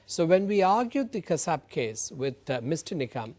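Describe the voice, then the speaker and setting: A man, a lawyer on a TV panel, making his case in deliberate, formal legal phrasing. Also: on the high side, very animated, a little mellow. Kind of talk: panel debate argument.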